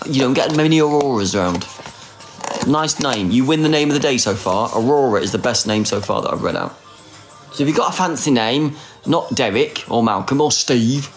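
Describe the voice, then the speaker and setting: A man in his forties chats live into a phone, flirting with viewers and mocking himself with a dry sarcastic edge. His pitch swoops widely as he teases. Soft music plays faintly behind him. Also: animated, normal speed. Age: 40s. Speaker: livestreamer. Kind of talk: casual live chat.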